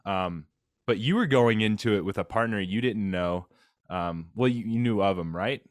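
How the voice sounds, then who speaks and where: A man hosting a casual chat, retelling a story with lively quoted voices and many fillers. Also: lowish voice, normal speed, no echo, studio quality. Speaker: podcast host, fellow cyclist.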